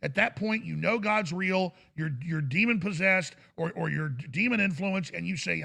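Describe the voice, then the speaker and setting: A fervent male talk show host in full rant, his voice high and heavily gravelly. The tone is bright and forceful, and his delivery is urgent and impassioned. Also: normal speed. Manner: ranting, fervent, bursts into shouted impressions.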